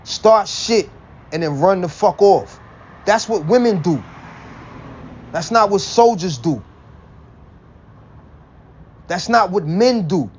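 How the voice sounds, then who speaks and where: A man's voice: sits high, expressive, slow pace, pauses often, a little mellow. Blunt, profane man ranting, lo-fi audio. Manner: blunt, profane, quotes scripture, laughs. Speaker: religious vlogger. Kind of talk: casual profane preachy rant. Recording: dull lo-fi recording with faint vehicle noise.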